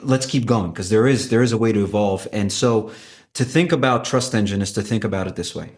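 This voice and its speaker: A man who is a company executive, pitching his product in an animated, emphatic way with frequent restarts. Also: brisk. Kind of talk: conversational business pitch.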